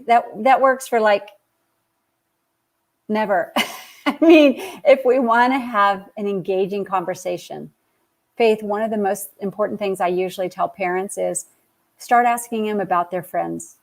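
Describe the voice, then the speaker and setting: A middle-aged woman, an author and speaker on parenting, answers in a conversational interview and acts out quoted dialogue as an animated storyteller. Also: medium pitch.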